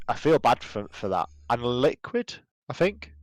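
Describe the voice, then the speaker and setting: A man's voice: medium pitch, big pitch swings, measured pace, no echo, poor audio. A young British man co-hosting a casual gaming podcast, telling stories in an easygoing way. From Britain. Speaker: podcast co-host.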